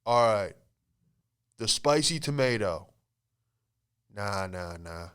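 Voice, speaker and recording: A man's voice: on the low side, expressive, slow pace, fairly bright tone, clean tone. A man hosting his own podcast, telling a rambling, profane, exasperated story with frequent laughs. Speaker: podcast host and comedian. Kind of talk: casual storytelling monologue.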